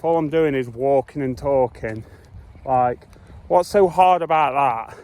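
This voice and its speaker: A man's voice: medium pitch, measured pace, darkish tone. A man, chatting casually and hesitantly as a travel vlogger while walking through city streets. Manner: hesitant, rambling with many fillers. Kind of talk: casual vlog chat. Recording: faint street noise outdoors. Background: faint traffic and street ambience.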